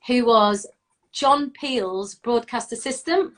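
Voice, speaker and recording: A woman from Bradford with a Yorkshire accent, chatting casually on a live video call and telling lively stories, swearing now and then. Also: a little high, slow. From Bradford, England. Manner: lively storytelling, swears freely. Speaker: interview guest. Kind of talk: casual chat. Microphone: phone or laptop on a live video call.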